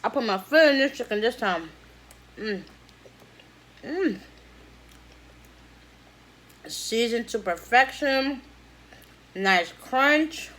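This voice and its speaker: A woman vlogs her dinner in an easy, unhurried way, her voice sitting a little on the high side. She fills the pauses with satisfied humming while chewing. Her talk is casual and slangy, picked up close to the mic. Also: lively intonation, fairly bright tone. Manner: chatty, slangy, talks between bites with lots of mm sounds. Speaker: mukbang vlogger. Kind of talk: casual eating vlog.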